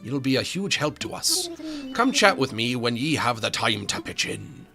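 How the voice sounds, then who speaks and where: A man voicing a polite, businesslike male raccoon shopkeeper with a genteel, smooth salesman manner. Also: mid-range voice, huge pitch swings, normal speed, over music. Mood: genial.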